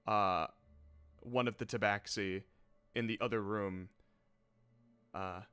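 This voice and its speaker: A man running a tabletop game as game master, narrating in an unhurried way with many filler pauses. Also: fairly low pitch, fairly even intonation, sharp tone, clear, resonant tone, no echo, faint music behind.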